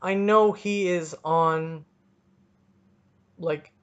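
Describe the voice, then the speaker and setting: A man hosting a casual solo sports podcast, talking in an excitable, rambling and jokey way, with a stuffy nose. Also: sits high, drawn-out words, clean tone, highs cut off. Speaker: podcast host.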